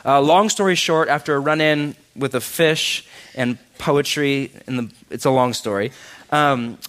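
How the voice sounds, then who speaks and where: A man preaching a sermon, animated and emphatic, asking his congregation questions and dropping quiet for serious points. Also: medium pitch, a little slow. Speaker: pastor.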